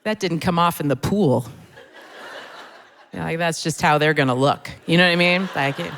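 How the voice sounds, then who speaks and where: On a church hall stage, a middle-aged woman with a deep, slightly bright voice performs stand-up that pokes fun at herself. She keeps it conversational and waits for laughs; there's long hall reverb and slight background noise.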